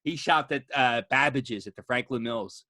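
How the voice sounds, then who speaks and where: A man hosting a casual wrestling chat, telling rowdy, profane stories and acting out quotes loudly. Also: mid-range voice, normal speed, dry recording, studio quality. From Philadelphia area. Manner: rowdy storyteller, swears a lot, acts out quotes loudly. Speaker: podcast host.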